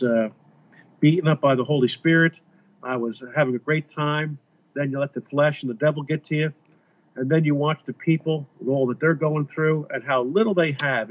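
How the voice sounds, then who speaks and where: Man telling mission stories, lo-fi. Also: mid-range voice. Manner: rambling, animated when retelling. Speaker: guest, missionary author. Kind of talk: casual storytelling interview. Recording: slightly dull lo-fi audio.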